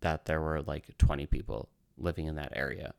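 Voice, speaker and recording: A man's voice: extremely low pitch, fairly even intonation, normal speed, gravelly, a little mellow, no room sound, studio quality. A man hosting a paranormal true crime podcast, telling the story in a chatty way and wandering off into tangents. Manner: chatty, tangent-prone, self-amused. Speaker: podcast host. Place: lives in New York City.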